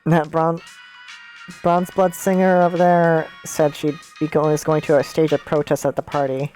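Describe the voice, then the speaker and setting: A woman's voice: deep voice, little pitch movement, moderate pace, a little mellow. A woman streamer playing a video game, reading the dialogue aloud in a casual way with puzzled asides. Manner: reacts with confused asides between read lines. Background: game music.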